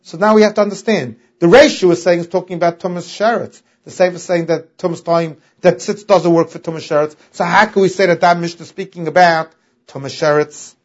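A man's voice: high voice, fairly even intonation, fast talker. A man teaching a Talmud lesson, reading the text and explaining it in a sing-song way that stresses key words. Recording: dull lo-fi audio.

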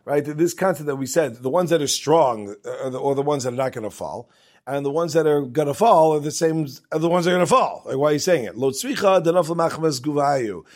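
A man's voice: a little high, a little fast. A man teaching a Talmud class, reading each passage aloud and then explaining it in casual English, with asides and restarts.

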